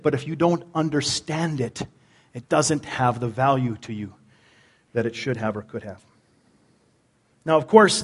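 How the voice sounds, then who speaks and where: A middle-aged male pastor preaching a sermon in a relaxed, conversational way. His voice sits high for a man, and he often repeats a word two or three times before finishing the thought. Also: slightly rough. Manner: conversational, repeats words when searching.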